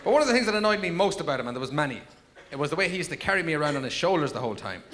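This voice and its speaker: An Irish man in his thirties doing live stand-up, telling rambling stories in a deadpan way with sudden high yelps. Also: rapid-fire, crowd noise. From Ireland. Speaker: stand-up comedian. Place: packed theatre with laughing audience. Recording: 1990s VHS tape with audible noise.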